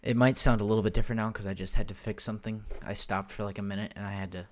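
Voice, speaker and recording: Young male solo podcast host, lowish voice, loose and rambling, lots of ums and restarts, desk mic at home. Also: fairly even intonation, very fast. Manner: rambling, many fillers and self-corrections. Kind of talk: casual solo podcast chat. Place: home room. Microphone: desk microphone.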